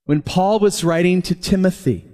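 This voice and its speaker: Guy pastor preaching, kinda high voice, laughs a lot, church echo hanging on. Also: normal speed. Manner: animated, chuckles often. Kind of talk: sermon. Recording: long hall reverb.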